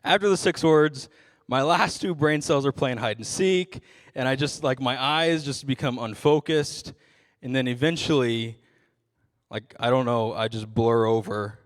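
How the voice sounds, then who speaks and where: Young guy preaching to teens, jokey and laid back, mid pitch, lots of hall reverb. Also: unhurried. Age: young adult. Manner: casual, joking, self-deprecating. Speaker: youth ministry intern speaker. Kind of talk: youth sermon.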